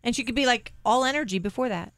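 Smooth-voiced chatty woman host. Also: on the high side, quick pace, fairly bright tone, no room sound, clean studio sound. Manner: chatty, stumbles over words. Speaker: show host. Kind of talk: casual chat.

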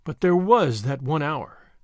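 Expressive male audiobook narrator. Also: on the high side, measured pace, no echo, studio quality. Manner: expressive, dramatic reading. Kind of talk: scripted narration of a classic novel.

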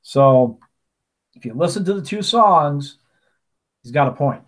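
A man co-hosting a casual podcast, his voice sitting a little high for a man. He tells long stories and wanders into side remarks, restarting his sentences as he goes. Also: lively intonation, unhurried. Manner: chatty storyteller, many restarts and asides. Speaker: podcast co-host. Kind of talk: casual chat.

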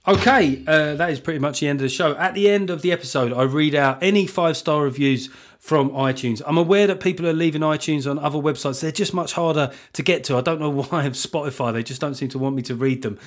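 A man hosting a comic podcast on his own, blunt and sweary, who laughs at his own jokes. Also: on the high side. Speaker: podcast host. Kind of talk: comic solo podcast monologue.

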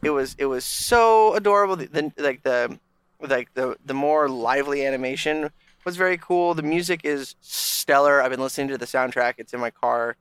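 A man co-hosting a casual gaming podcast in a bright, crisp voice. He jokes sarcastically and stumbles over restarts. The sound is close and dry. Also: mid-range voice, moderate pace, no room sound. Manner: joking, sarcastic, stammers on restarts. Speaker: podcast co-host. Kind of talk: casual chat.

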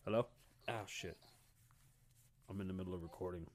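A man's voice: deep voice, steady tone, brisk. A man in his thirties from Puerto Rico, hosting a podcast with a blunt, heated, swear-heavy rant. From Puerto Rican. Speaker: podcast host. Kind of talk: casual profane rant.

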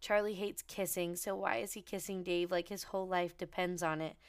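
A woman co-hosting a podcast in casual, excitable book chat, swearing freely and reading passages aloud. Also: lowish voice, brisk. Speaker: podcast co-host.

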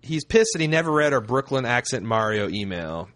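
A man's voice: mid-range voice, brisk, no echo. A man co-hosting a podcast, chatting casually and joking around. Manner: joking, loose and animated. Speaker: podcast co-host. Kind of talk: casual chat.

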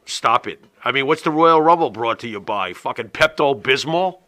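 A man's voice: mid-range voice, expressive, normal speed, sharp tone. A man co-hosting a casual wrestling podcast, opinionated and profane as he makes his picks. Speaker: co-host.

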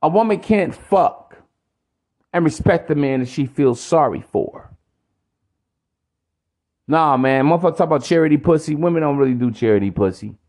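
Male podcast host, preachy profane rant, gravelly voice pitched a bit high. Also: animated, normal speed, pauses often, darkish tone. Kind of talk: ranting podcast monologue.

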